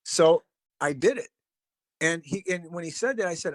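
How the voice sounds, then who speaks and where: A man's voice: sits high, normal speed, long pauses, dry recording, clean studio sound. A middle-aged man, a drummer and podcast guest, telling stories casually in a rambling, profane, laid-back way with lots of fillers. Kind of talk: casual storytelling.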